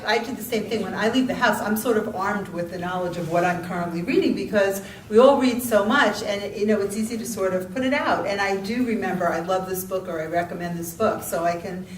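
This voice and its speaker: A woman's voice: medium pitch, background noise. Woman host moderating authors, casual chatter, roomy echo, mic-distant. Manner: chatty, loose, full of fillers. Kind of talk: moderating a live author panel. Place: event room. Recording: echoey room mic from a distance.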